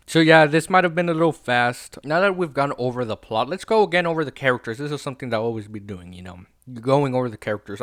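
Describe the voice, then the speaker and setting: A man's voice: mid-range voice, no room sound, clean studio sound. Casual, cursing man reviewing a show. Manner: loose and profane, full of fillers like "you know" and "like"; animated retelling of scenes. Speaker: show host reviewing TV episodes.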